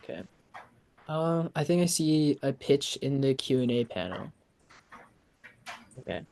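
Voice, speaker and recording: A teenage boy co-presenting an online workshop, giving upbeat feedback with quick talk and many fillers over a video call. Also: medium pitch, expressive, a little mellow.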